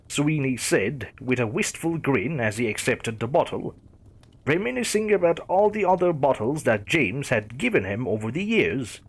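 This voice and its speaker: A male narrator telling a horror story in a dramatic, measured reading. His voice is husky and moves with lively pitch.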